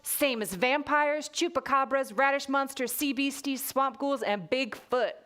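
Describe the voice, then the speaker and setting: A woman's voice: sits high, unhurried, a bit bright. A woman with a put-on Texas accent reading aloud as a chatty kid narrator of a spooky children's book, in a folksy, conspiratorial way. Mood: confiding.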